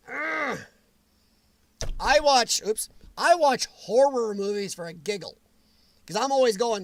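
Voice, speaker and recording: A man hosting a casual livestream, answering viewers' comments in a chatty, animated way with frequent chuckles. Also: sits high, a little slow, long pauses, dry recording. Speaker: livestream host.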